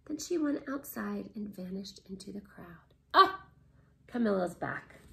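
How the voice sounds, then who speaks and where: A woman art teacher reading a picture book aloud with expressive, animated storytelling, then explaining a class project. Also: mid-range voice, normal speed, gravelly, slight background noise.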